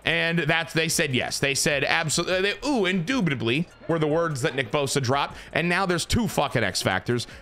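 A man's voice: fairly high pitch, moderate pace, few pauses, pushed and bright. A man giving casual, profane, joking play-by-play commentary while playing a football video game. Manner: joking, profane, self-deprecating. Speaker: gaming video host.

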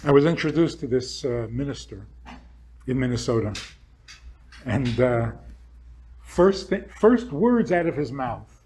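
Man, rabbi, lecture, rhetorical questions, acts out imagined speakers, expressive rising and falling pitch. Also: a little slow, long pauses, slight background noise. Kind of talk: lecture to an audience.

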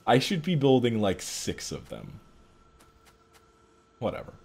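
A man's voice: mid-range voice, huge pitch swings, unhurried, gravelly, darkish tone, husky. A young man casually commentating his own gameplay, frustrated and muttering at himself about his mistakes. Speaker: gaming channel host. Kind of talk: casual let's play commentary.

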